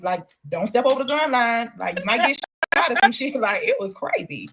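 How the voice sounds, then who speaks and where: A woman's voice: mid-range voice, animated, normal speed, hardly any pauses, fairly bright tone. A woman telling a casual story in a candid, profane way, acting out the voices she quotes.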